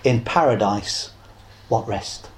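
A man preaching an evangelistic sermon, earnest and pleading, lifting his voice on key words and dropping low and soft at the close of phrases. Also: slow pace.

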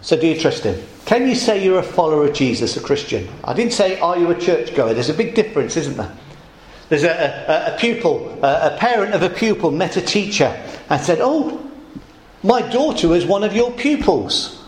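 Guy preaching, voice a bit high, chatty, lots of room echo. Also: very animated, normal speed. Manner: conversational, asks the congregation questions. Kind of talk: sermon. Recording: echoey church room.

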